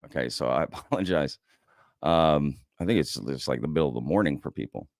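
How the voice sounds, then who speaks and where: A man's voice: extremely low pitch, brisk, dry recording, clean studio sound. A man with an American accent hosting a casual livestream, chatting loosely and reading out viewers' comments. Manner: chatty, reads out viewer comments, says "y'all". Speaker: livestream host.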